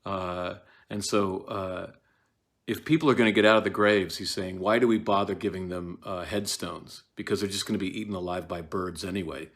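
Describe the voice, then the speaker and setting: A man giving a casual, animated lecture on a play, often acting out its lines. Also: low voice, moderate pace. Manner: conversational, animated, acts out lines.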